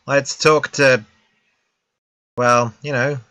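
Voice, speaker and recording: A man's voice: medium pitch, level tone, extremely slow, bright, forceful tone, no room sound. A British man giving casual live-stream commentary on a game at home, chatty and full of self-mocking asides. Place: at home with a laptop.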